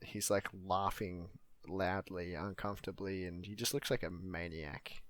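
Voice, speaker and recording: A man's voice: low voice, steady tone, measured pace, fairly bright tone. A man co-hosting a podcast, telling a film's plot in loose, profane, casual chat. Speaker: podcast co-host. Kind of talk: casual movie recap chat.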